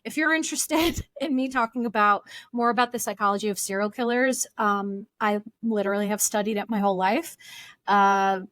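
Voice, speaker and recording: A woman's voice: medium pitch, moderate pace, fairly bright tone, dry recording. A woman hosting her own podcast as a therapist, explaining things in a casual, chatty way with fillers. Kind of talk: solo podcast talk.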